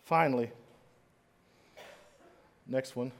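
A middle-aged man giving an inspirational speech, telling a story dramatically and swinging between hushed and loud. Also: mid-range voice, drawn-out words, slight background noise. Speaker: motivational speaker. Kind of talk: inspirational speech to a live audience.

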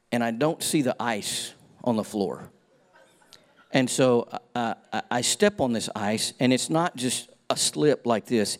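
A man in his fifties preaching a sermon, telling a personal story with folksy humor and moving between hushed moments and emphatic points. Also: mid-range voice. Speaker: pastor.

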